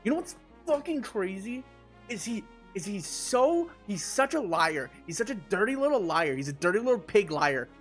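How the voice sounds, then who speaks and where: A young man live-streaming an animated, profane storytime, with sudden incredulous outbursts. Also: high voice, moderate pace, soft background music. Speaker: livestreamer.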